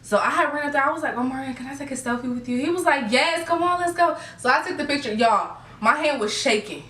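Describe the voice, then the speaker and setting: A woman's voice: sits high, quick pace, a bit bright. Giggly young woman. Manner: gushing, giggly, talks straight to viewers. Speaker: vlogger. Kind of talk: excited casual storytelling. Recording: echoey room, a bit far from the mic.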